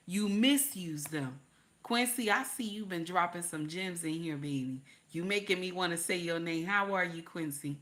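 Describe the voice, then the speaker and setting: On her live stream, an older woman offers viewers easygoing advice about relationships at a moderate pace. Her delivery is lively and repetitive, and for emphasis she slips into a low, confiding tone.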